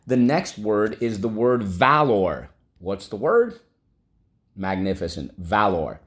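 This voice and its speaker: A male teacher giving a vocabulary lesson to children, drawing out words syllable by syllable. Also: deep voice. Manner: drawn-out, syllable-by-syllable word drills. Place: classroom.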